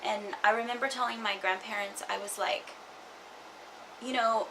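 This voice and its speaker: A woman's voice: medium pitch, fairly even intonation, moderate pace, long pauses, bright, forceful tone, a little hiss or hum, poor audio. A young woman vlogging casually, rambling with many fillers and restarts. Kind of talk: casual personal vlog.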